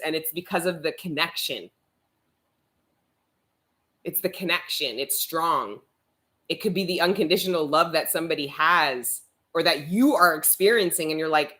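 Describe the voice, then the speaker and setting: Low-voiced chatty tarot reader woman. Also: moderate pace, a bit bright. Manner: chatty, laughs often, reads out chat comments; swears casually. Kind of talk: live-stream tarot reading.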